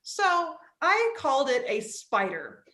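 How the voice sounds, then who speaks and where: A woman with a bright, fairly high voice tells an anecdote as an interview guest. She is animated and drops "like" every few words. The sound is echoey, with a roomy ring around her. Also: takes it slowly. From East Coast of the United States. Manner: animated, frequent "like" fillers. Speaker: author and psychologist, interview guest. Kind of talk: casual storytelling in an interview.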